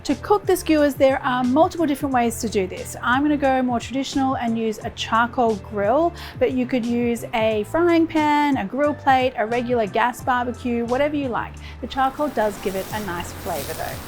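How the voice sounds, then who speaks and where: A woman's voice: a little high, normal speed, hardly any pauses, faint music behind. Chatty Australian woman cooking host. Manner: chatty, enthusiastic, friendly. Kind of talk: cooking demonstration.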